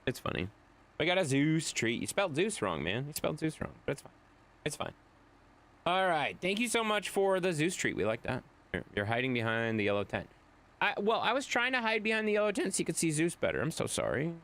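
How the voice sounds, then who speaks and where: A man's voice: fairly high pitch, very animated, a little fast, a bit bright. A man streaming live, chatting casually and rambling as he answers viewers' chat.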